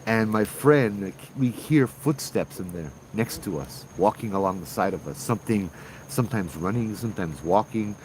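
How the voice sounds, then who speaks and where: Lively low-voiced man with Hawaii local accent. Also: normal speed, slight background noise, poor audio. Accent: Hawaii local English. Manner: animated, acts out voices in dialogue. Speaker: ghost tour guide and storyteller. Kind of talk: casual spoken ghost storytelling.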